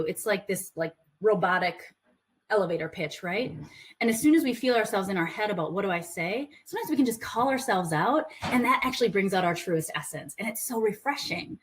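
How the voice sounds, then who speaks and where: A woman's voice: mid-range voice, expressive, a little fast. A woman business coach giving a conversational talk to a group, earnest with playful asides.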